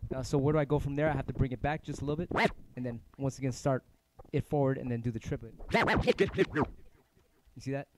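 A man's voice: medium pitch, flat delivery, fast, long pauses, background noise. Loose, rambling male DJ teaching scratching. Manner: loose, rambling, swears casually. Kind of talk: casual livestream lesson. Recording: music playing underneath. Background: turntable music.

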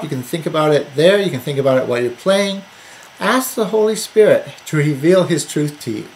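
A man giving a recorded Bible study lesson, earnest and measured, repeating phrases with shifting emphasis. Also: high-pitched, slight background noise, low-quality recording. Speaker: Bible teacher.

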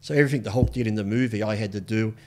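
A man's voice: on the low side, mellow. A man in his fifties, a podcast guest telling casual stories, swearing freely and acting out what people said. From Australia. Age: 50s. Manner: rapid, laid-back, swears freely, acts out quotes. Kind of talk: casual storytelling interview.

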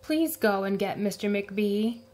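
A woman voicing a prim, strict woman librarian in a storybook, speaking slowly and precisely. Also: mid-range voice, animated, a little mellow, close to an everyday voice. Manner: slow, precise, raised for calls.

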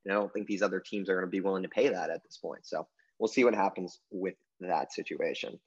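A man with a lowish voice rattles off sports opinions at a quick clip as co-host of a casual podcast. He rambles and leans on fillers. The recording sounds dull and lo-fi. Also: fairly even intonation, slightly rough. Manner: rambling, heavy on "I mean" and "you know" fillers.

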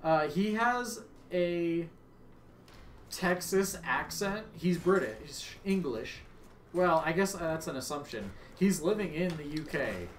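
Young male streamer, pitched a bit high, loud and joking; roomy echoey sound. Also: expressive, takes it slowly, a little hiss or hum. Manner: loud, joking, swears freely. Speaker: livestream gamer. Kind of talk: casual stream chat. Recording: echoey room, faint ambience.

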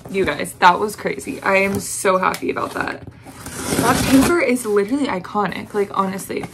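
A woman's voice: medium pitch, normal speed, noisy background. A young woman with a Southern US accent, gushing and gasping through an unboxing vlog. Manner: gushing, gasping, breathless excitement. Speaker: vlogger.

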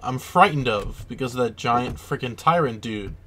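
A man hosting a let's play, giving casual gameplay commentary and breaking into excitable, swearing, panicked outbursts. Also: medium pitch, normal speed, a little hiss or hum.

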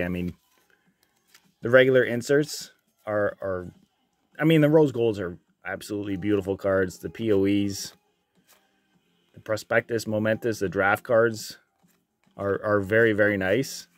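A man opening trading card packs on his channel, reading out each card and getting loudly excited and swearing at the big pulls. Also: on the low side, measured pace, pauses often, dry recording. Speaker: card breaker. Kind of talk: casual card-opening vlog.

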